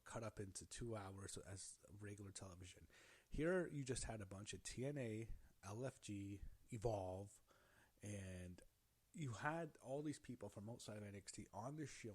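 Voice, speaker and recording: Casting note: lower-pitched man, casual review delivery, grumbling and rambling with lots of "uh"s, dry close sound. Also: moderate pace, darkish tone, breathy edge, no room sound. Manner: rambling, with many fillers and self-corrections; grumbling, openly annoyed. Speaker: show reviewer.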